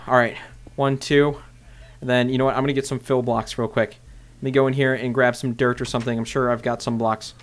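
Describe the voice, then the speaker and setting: A young man casually narrating his own game play to viewers, chatty and bursting into loud excited shouts. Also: mid-range voice, fairly quick. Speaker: gaming video host. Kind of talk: casual Minecraft let's play commentary.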